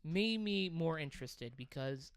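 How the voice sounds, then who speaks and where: A man talks casually on a podcast, laughing and swearing. His voice sits on the high side and sounds smooth and clear. The recording is dry and close, with no room sound. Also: expressive, a little slow, no echo. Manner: loose, profane, laughing. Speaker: podcast co-host. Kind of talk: casual chat.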